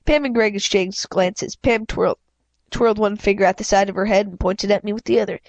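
A woman's voice: medium pitch, steady tone, no echo, lo-fi sound. A woman reading a children's novel aloud in first person, often stumbling and correcting herself. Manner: halting, frequent self-corrections. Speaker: reader.

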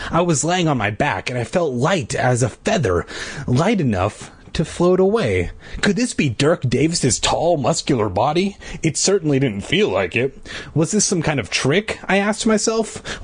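Husky man reading a kids' horror book aloud. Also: medium pitch. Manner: animated, ad-libbing, wry. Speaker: reader of a children's horror book. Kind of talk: read-aloud storytelling with jokey asides.

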